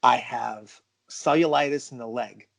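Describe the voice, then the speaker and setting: Male podcast co-host, mid-pitched, emphatic casual storyteller. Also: measured pace, gravelly. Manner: emphatic, insists the story is true.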